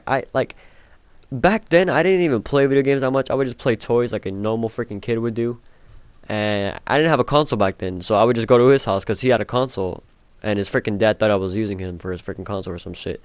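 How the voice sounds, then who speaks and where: A man's voice: medium pitch, no echo. A young man telling a rambling personal story in a casual vlog, swearing often and filling with "like". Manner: rambling, heavy swearing, many "like" fillers. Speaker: vlogger.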